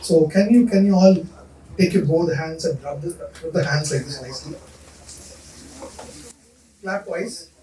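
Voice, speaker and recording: A man leads a workshop in a high, lively voice, coaxing the room and repeating his instructions. He is heard from a distance in a large, echoey hall. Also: a little fast, slight background noise. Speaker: leadership coach running a workshop. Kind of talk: interactive workshop talk to students.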